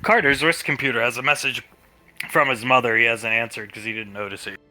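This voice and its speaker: A male game master with a very bright, sharp voice at a middling pitch, wry as he narrates a live tabletop game. Faint music plays underneath. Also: steady tone, fairly quick, no room sound. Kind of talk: live-streamed tabletop role-play.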